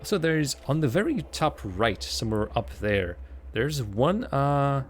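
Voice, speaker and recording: A man's voice: mid-range voice, very animated, a little slow, slight background noise. A man streaming a game live, talking to himself with wry, chatty asides as he plays. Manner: muttering thoughts aloud to himself. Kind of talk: live gameplay commentary. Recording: game music playing underneath. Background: background music.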